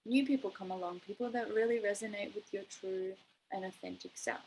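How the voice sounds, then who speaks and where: A woman's voice: fairly high pitch, a bit bright, slight background noise, rough recording. A young adult woman coaching a live online masterclass, enthusiastic and encouraging, using spiritual wording. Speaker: manifestation coach.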